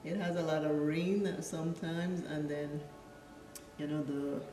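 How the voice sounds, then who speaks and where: A woman with a fairly low voice, from Dominica, talks through a makeup tutorial in a playful, rambling way, sliding into stories from her childhood. She sits back from the mic in an echoey room, and faint music plays behind her. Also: steady tone, a little slow, warm tone, far from the mic. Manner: chatty and playful, drifts into storytelling. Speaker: makeup vlogger. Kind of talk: casual makeup tutorial chat.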